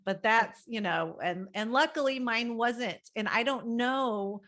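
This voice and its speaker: A woman's voice: fairly high pitch, unhurried, a bit bright. Middle-aged woman, guest counselor, casual podcast chat, candid and rambling, lots of fillers.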